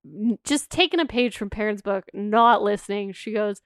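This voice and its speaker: A woman co-hosting a casual book-club podcast, recapping the chapters in an animated way. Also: medium pitch, normal speed, hardly any pauses, smooth, no echo, studio quality. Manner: animated retelling with acted quotes. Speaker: podcast co-host.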